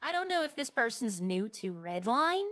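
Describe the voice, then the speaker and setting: A woman's voice: a little high, big pitch swings, moderate pace, a bit bright, no echo, soft background music. A woman streaming a roleplay game, chatting casually and jokily to her viewers in a rambling way.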